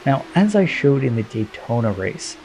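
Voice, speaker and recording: A man calls his own race replay in a chatty, self-deprecating way. His voice has a gravelly edge. Faint game sound runs underneath. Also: mid-range voice, big pitch swings, normal speed, a little mellow, slight background noise. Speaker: sim racing commentator.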